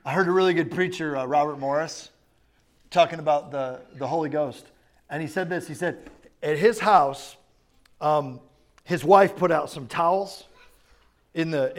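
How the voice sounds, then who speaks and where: A man's voice: fairly high pitch, normal speed. A man preaching a sermon in a conversational way, often asking the congregation whether they understand. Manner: conversational preaching, asks the crowd questions. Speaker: pastor.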